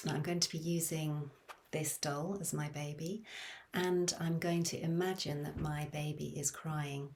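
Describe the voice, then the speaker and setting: A middle-aged woman therapist giving a calm, gentle demonstration, speaking softly and often half-whispering. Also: sits low, gravelly, a little hiss or hum.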